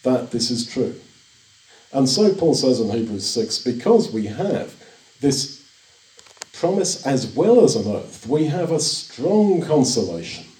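A man's voice: medium pitch, very animated, slow, dark tone. An older man preaching a sermon in an earnest, reassuring way, often repeating his phrases. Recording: echoey room, distant mic.

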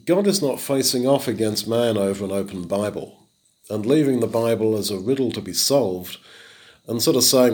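A middle-aged man with a fairly low voice teaches from the Bible in a relaxed, conversational manner. He pushes his voice up sharply on the words he wants to stress. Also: moderate pace. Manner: conversational, with emphatic rises on key words. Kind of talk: expository Bible talk.

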